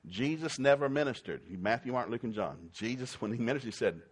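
An older man preaching a folksy sermon, telling homespun stories with lively, emphatic bursts. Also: medium pitch, quick pace, breathy edge.

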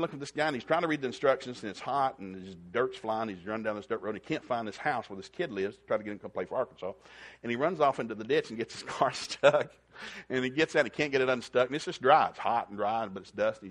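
A man preaching a sermon in a folksy storytelling manner, acting out the people in his stories. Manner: folksy, animated, acts out characters in a shouting high voice.

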